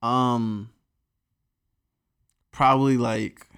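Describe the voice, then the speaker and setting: A man with an average-pitched voice hosts a casual podcast chat. He is laid-back, laughs easily and swears freely as he talks. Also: level tone, extremely slow, fairly bright tone, clear, resonant tone. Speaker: podcast host.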